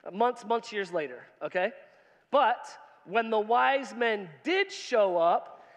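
Joking pastor in an echoing church. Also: male voice, high-pitched, fairly bright tone. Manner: casual and joking, quizzes the congregation. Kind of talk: sermon. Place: church hall. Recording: long reverb in a church hall.

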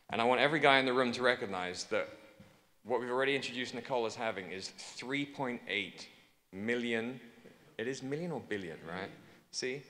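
A man with an English accent speaking to a conference audience, joking and persuasive, repeating his pitch for emphasis. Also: a bit bright. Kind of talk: keynote speech to a conference audience. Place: large conference hall. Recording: long hall reverb.

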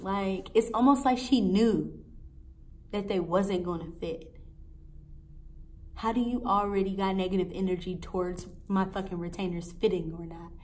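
A young woman vlogger telling a story in a casual, profane, animated and exasperated way. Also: medium pitch, moderate pace.

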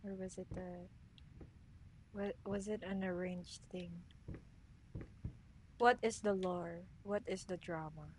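A woman's voice: lowish voice, fairly even intonation, takes it slowly, long pauses, darkish tone, a little hiss or hum. A woman streaming a horror game, talking to herself with jumpy, scared outbursts. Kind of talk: horror game let's play commentary.

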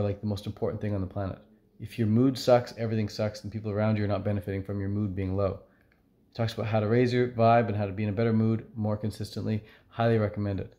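A man's voice: fairly low pitch, a little mellow. Chatty upbeat male vlogger. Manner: chatty and upbeat, with many fillers. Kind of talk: casual talking-to-camera vlog.

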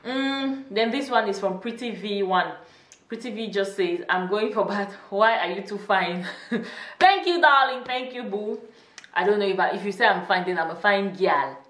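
A young woman talks casually to her channel viewers, chatty and quick to laugh. Her voice sits a little back from the mic in an echoey room. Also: mid-range voice, recorded from a distance. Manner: chatty, laughs often, teasing. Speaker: YouTuber. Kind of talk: casual vlog chat.

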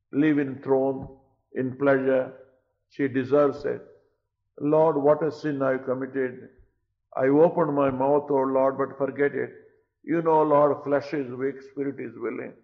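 Preacher doing a sulky king pleading to dodge his vow, low and soft, muffled lo-fi sound. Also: lightly acted. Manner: wheedling, bargaining, quieter and lower. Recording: dull lo-fi recording.

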